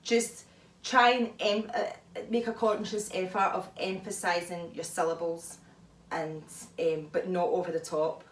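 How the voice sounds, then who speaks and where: A woman vlogger talking through advice in a chatty, animated way, often laughing, recorded at home. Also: fairly low pitch, measured pace. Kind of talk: casual advice talk. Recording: echoey room, mic far off.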